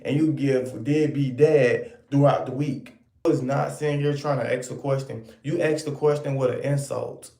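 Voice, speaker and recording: A man rants at his viewers in a sassy, scolding way, circling back to the same points again and again. His voice is gravelly and mellow. The sound carries the echo of a bare room. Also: mid-range voice. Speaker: online commentator. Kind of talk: ranting commentary to viewers.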